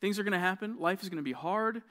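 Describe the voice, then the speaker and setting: A young adult man giving a youth sermon to junior high students, telling a story in a conversational, animated way and acting out the quoted lines. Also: fast talker.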